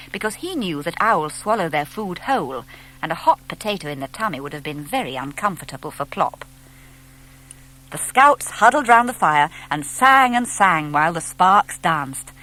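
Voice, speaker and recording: A woman narrating a children's storybook in a gentle, expressive reading. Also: lowish voice. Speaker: audiobook narrator.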